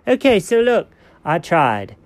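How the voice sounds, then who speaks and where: A man's voice: sits high, wildly swooping pitch, slow pace, dry recording, pitched above the performer's own voice, full character voice. A man voicing a smug, scheming male house cat who speaks in a fussy, know-it-all way.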